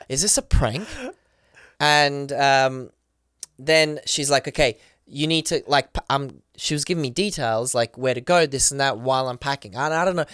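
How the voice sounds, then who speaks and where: A man on a podcast as a guest, telling a story casually, excitedly and quickly, with lots of "like" and acted-out quotes. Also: medium pitch, smooth, no echo, clean studio sound. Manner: excited, rapid retelling full of "like" and acted quotes. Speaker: podcast guest, professional dancer.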